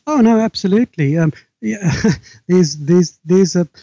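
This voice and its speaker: An older man from Africa, speaking as a guest author in a halting, measured way with frequent restarts. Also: sits high, mellow, no echo, lo-fi sound. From South Africa. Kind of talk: remote interview conversation.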